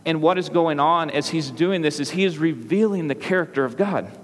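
A man's voice: fairly high pitch, a little fast. A man in his thirties preaching a sermon in a church, talking conversationally and often checking in with "right?". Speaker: pastor. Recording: long hall reverb.

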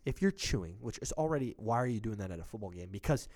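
Animated storytelling man, swearing freely. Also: on the low side, fast. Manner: animated, swearing, acts out quotes of others. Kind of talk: casual storytelling chat.

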